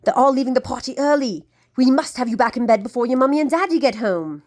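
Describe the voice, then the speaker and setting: A woman voicing a kindly flying crocodile from a storybook, giving slow, low-key invitations. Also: expressive, darkish tone. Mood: hurried. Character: kindly flying crocodile, calm then hurried.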